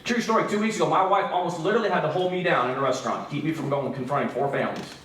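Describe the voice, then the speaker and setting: Man giving a church talk in a booming echoey hall. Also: racing, far from the mic, slight background noise. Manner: storytelling, animated then quiet and grave. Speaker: speaker at a church breakout session. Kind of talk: earnest church seminar talk.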